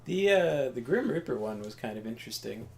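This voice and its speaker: A man's voice: mid-range voice, animated, fairly quick, gravelly, a little mellow, a little hiss or hum. A man chatting casually and wryly while playing a video game with a co-host. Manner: chatty, wry, acts out quotes. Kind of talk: casual gaming chat.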